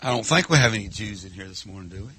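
A man preaching a sermon in church, firing rhetorical questions and swinging between loud emphatic lines and hushed asides. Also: fairly low pitch, lively intonation, rapid-fire, husky, no echo. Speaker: pastor.

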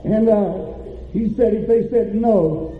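Pastor, male, high voice, slow fervent sermon, tinny echoing church recording. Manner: preaching with rising fervor and drawn-out emphasis. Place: church sanctuary. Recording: echoey church, tinny phone-like audio.

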